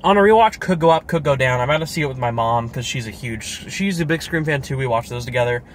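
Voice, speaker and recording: A young man reviewing a film in casual chat from his car, excitable and swearing as he acts out scenes. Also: medium pitch, quick pace, slight background noise. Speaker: movie reviewer. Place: parked car.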